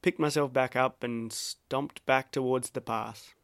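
An Australian man reads his own reflective personal essay in a measured, wry way with a dry, self-deprecating edge. His voice sits in an ordinary middle pitch for a man. The recording is close and dry, with no room sound. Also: fairly even intonation, no echo.

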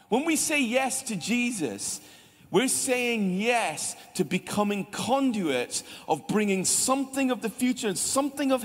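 A Scottish man with a lively, chatty manner, preaching a sermon as pastor and talking directly to his congregation. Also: high voice. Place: church hall. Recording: church hall reverb.

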